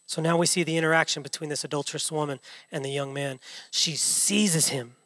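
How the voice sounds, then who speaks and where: A man preaching with a high, ringing, bright voice, firing rhetorical questions at his congregation. His sermon carries long reverb from a church hall. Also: flat delivery, fast. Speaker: pastor.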